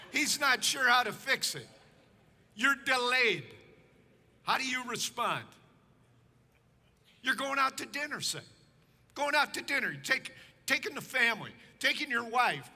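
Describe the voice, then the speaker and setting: A pastor from Chicago telling a sermon story in an animated, humorous, exasperated way. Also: male voice, extremely high pitch, in a large hall. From Chicago, United States. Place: church sanctuary.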